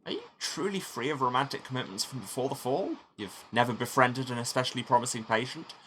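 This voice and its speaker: A man's voice: medium pitch, fast, pushed and bright, slight background noise, natural voice. A man reading the lines of a prying census-taking investigator in a plain voice. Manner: plainly read, prying questions.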